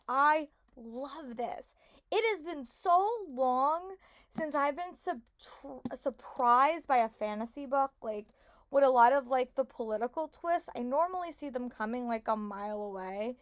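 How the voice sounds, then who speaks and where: A young woman talking casually in a reading vlog, gushing and repeating herself, her voice hoarse and congested. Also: sits high, animated, unhurried, dry recording. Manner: gushing, lots of "like" and repeated "really". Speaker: book vlogger.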